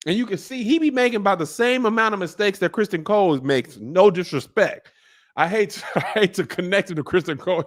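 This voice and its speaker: A man hosting a comedic TV recap, riffing in a slangy, animated way. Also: high voice, a little fast.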